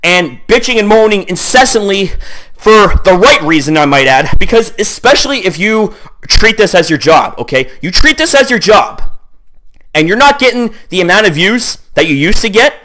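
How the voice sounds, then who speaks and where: Young male YouTuber, angry profane rant, high and animated, sharp tone, just off a workout. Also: moderate pace. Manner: heated, profane, repeats "here's the thing". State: sweaty, just back from the gym.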